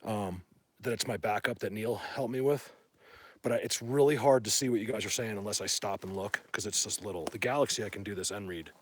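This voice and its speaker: A man livestreaming from a phone in a mountain wilderness, chatting to viewers in a rambling, excitable way as a bigfoot hunter. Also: lowish voice, a little fast. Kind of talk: casual live stream chat. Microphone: phone held by hand.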